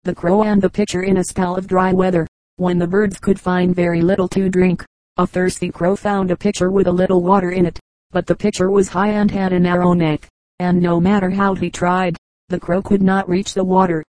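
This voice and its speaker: A woman reading fables aloud as an audiobook narrator, in a calm, measured way. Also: lowish voice, no room sound, poor audio. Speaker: audiobook reader. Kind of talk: storybook narration.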